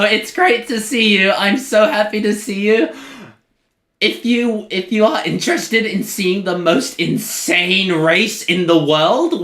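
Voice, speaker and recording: Streamer, live game commentary, excitable, chatty with viewers, unhurried, echoey room. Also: mid-range voice.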